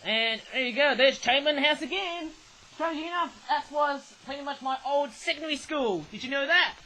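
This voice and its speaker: A man's voice: very high voice, a little fast, pushed and bright, low-quality recording. A young man, rambling through a casual toy review and tagging his sentences with a questioning "eh?". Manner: rambling, ends phrases with a questioning "eh?".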